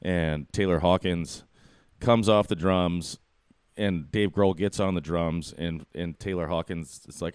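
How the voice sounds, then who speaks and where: A man casually telling a story about his bartending job, animated, acting out the quotes, with plenty of swearing. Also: sits low, a little slow, clean tone, no room sound, clean studio sound. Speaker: bartender and podcast guest.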